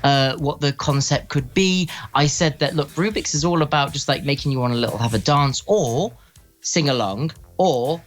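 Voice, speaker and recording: A man's voice: a little high, moderate pace, soft background music. A young man from London with a British accent, a guest musician chatting playfully on a radio interview. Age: young adult. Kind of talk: casual on-air interview.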